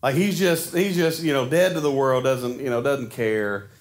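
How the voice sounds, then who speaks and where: A man in his forties preaching a sermon in a casual, animated storytelling way, acting out the quotes he tells. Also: mid-range voice, moderate pace. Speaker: pastor.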